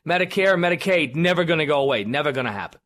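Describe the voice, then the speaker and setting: A man's voice: fairly high pitch, animated, fast talker, fairly bright tone. A man hosting a political talk radio show, rambling with many fillers and restarts. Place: radio studio.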